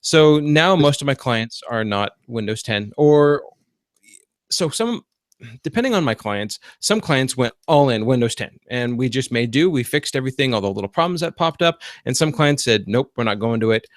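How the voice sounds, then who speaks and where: A man's voice: mid-range voice, lively intonation, moderate pace, dry recording, studio quality. A male podcast host, a computer repair business owner, talking in a loose, rambling way with lots of fillers and restarts. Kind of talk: casual podcast chat.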